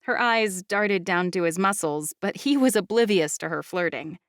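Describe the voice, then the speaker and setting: A woman's voice: lowish voice, normal speed, no room sound. Woman narrating an audiobook, dry. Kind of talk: scripted first-person narration.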